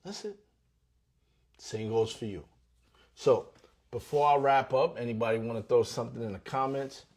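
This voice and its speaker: A man hosting his own show, telling a motivational story in an animated way, with loud bursts and hushed asides. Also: medium pitch, normal speed. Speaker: host.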